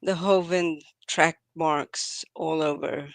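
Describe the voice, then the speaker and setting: A woman's voice: deep voice, fairly even intonation, slow pace, no echo. A woman in casual chat, wry and joking, laughing often. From Sweden.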